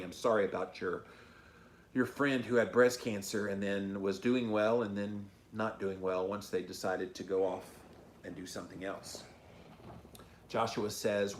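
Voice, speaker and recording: A man's voice: fairly low pitch, normal speed, slight background noise. A man hosting a casual livestream, reading out viewer comments and answering them in an upbeat, chatty way. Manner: upbeat, chatty, frequent ums and uhs. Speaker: host of a diet livestream. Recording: roomy echo.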